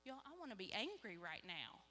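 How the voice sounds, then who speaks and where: A woman, giving an animated church testimony and acting out dialogue. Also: mid-range voice, a little fast, faint music behind. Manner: animated storytelling, acts out dialogue. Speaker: lay speaker giving a testimony. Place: church sanctuary. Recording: live church hall with reverb, faint hum.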